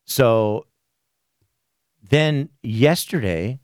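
A man's voice: mid-range voice, expressive, very slow, a little mellow, dry recording, studio quality. A man hosting a podcast, telling a story animatedly with lots of swearing in casual chat. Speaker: podcast host.

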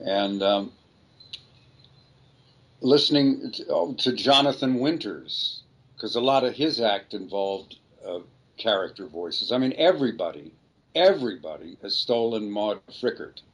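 An older man talks through his memories in a relaxed, meandering way as an interview guest. He pokes gentle fun at himself and circles back on his own words. His voice sits at an ordinary middle pitch for a man. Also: a little slow. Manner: rambling, reflective, self-deprecating. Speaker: voice actor guest. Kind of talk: casual interview storytelling.

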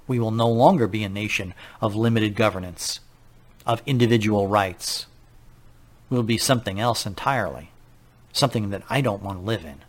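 Animated talk radio host, man. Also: fairly low pitch, normal speed. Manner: animated, incredulous, rhetorical questions. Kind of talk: political talk radio monologue.

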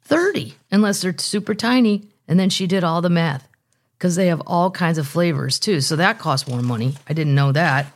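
Low-voiced woman hosting a comedy podcast. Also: moderate pace. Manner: chatty, reads news aloud with jokey asides. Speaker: podcast host. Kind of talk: casual comedic chat.

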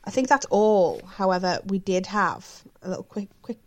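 A woman's voice: mid-range voice, animated, moderate pace. A woman co-hosting a casual chat podcast, reading out listener questions and answering them frankly with plenty of swearing and filler words.

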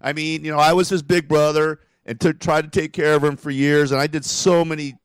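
A man's voice: a little high, flat delivery, fairly quick, smooth, no echo, studio quality. A grieving middle-aged man telling stories in casual conversation, rambling with frequent restarts and short laughs.

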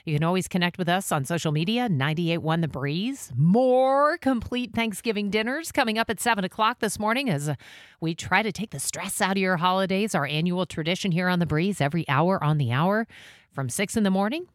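A woman co-hosting a morning radio show from a studio, chatting casually and enthusiastically with quick reactions. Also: on the low side, dry recording. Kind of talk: casual on-air banter.

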